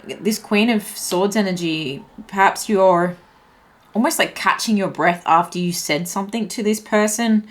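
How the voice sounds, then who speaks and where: A woman's voice: medium pitch, a little slow. A woman doing an intuitive tarot reading, slightly breathless with a shaky voice, musing and searching for words as she turns the cards. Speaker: tarot reader.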